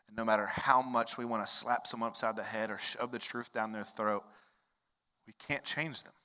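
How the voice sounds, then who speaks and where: A male pastor preaching a sermon in a conversational storytelling way, dropping to hushed lines and rising to loud, emphatic ones. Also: on the low side. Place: large church hall. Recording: long reverb of a large hall.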